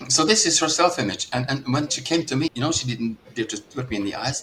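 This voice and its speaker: Casting: middle-aged man from Norway, business coach, earnest and steady, mid-range voice, light noise behind. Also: mid-range voice, fast. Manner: earnest, repeats words when starting thoughts. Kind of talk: podcast conversation.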